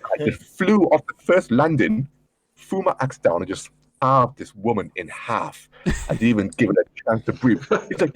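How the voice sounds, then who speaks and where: A man on a gaming podcast, talking casually and swearing, working himself up into excited storytelling. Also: mid-range voice, normal speed, slightly rough. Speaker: podcast panelist. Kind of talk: casual chat.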